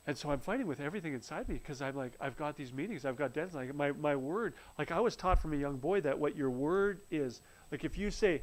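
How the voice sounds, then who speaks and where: In a rough recording of a live-streamed testimony, a man with a slightly high voice speaks briskly about his personal faith. He tells it earnestly as a story, repeatedly restarting his sentences.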